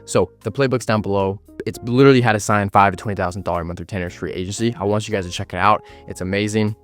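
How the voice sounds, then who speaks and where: A young man talks business straight to the camera with hard confidence, leaning on repeated words to drive each point home. His voice sits low, and faint music plays underneath. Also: fairly even intonation, fast talker. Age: young adult. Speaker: agency owner giving business advice. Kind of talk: direct-to-camera business vlog.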